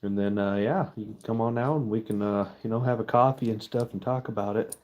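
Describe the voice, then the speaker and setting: A man's voice: on the low side, steady tone, brisk, a little mellow. A middle-aged man chatting casually to camera while stamping a silver bar, joking and talking to his dog as he works.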